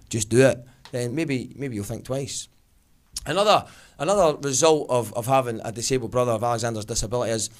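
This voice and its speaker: A Glaswegian man in his thirties performing a stand-up comedy set, telling stories and slipping into quick voices of his family. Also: mid-range voice. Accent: Glaswegian Scottish. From Scotland. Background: audience laughter.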